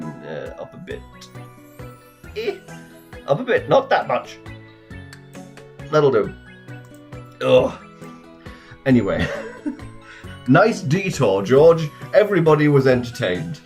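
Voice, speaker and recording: Rambling man at a slow pace. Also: on the low side, a little mellow. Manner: rambling, self-mocking, laughs at himself. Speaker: gaming video host. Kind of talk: let's play commentary.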